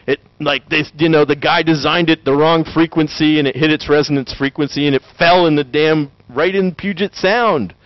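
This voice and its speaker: A man from Tennessee, giving a joking, animated lecture and acting out quick voices to an audience. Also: a little high, no room sound, highs cut off. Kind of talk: lively conference talk.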